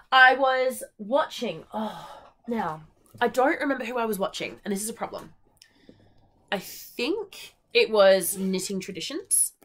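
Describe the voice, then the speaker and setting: A young woman with an Australian accent and a bright, clear voice chats on her own. She talks with high energy and bounces from thought to thought, dropping plenty of ums and likes along the way. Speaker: knitting podcast host. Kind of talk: casual solo chat.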